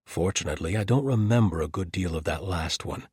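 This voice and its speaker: A gallant paladin with a dry, teasing wit and a deep, husky voice, as a male narrator plays him. His lines sound close and dry, with no room around them. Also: a little fast, darkish tone, dry recording. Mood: wry. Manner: dry, teasing, formal phrasing.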